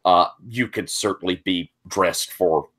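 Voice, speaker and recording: A man acting as game master over a video call, with a lowish voice. He narrates in a relaxed, rambling way with plenty of fillers. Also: unhurried.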